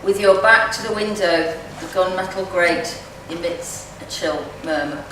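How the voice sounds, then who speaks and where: Brief: woman poet reciting her own verse, slightly low voice, distant mic in a very echoey hall. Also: a little slow, noisy background. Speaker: poet reading at a community event. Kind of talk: poetry reading. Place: community event venue.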